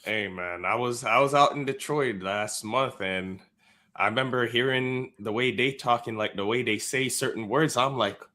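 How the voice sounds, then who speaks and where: A man from Canada co-hosting a sports podcast, laid-back and quick to laugh. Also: medium pitch, bright, forceful tone. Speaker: podcast co-host. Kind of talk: casual sports chat.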